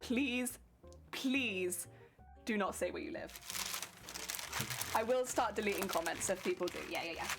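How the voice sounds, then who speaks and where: A woman's voice: mid-range voice, unhurried, long pauses, over music. A young woman from Wales chatting casually on a livestream while ironing fabric, reading chat aloud and laughing often. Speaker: craft streamer.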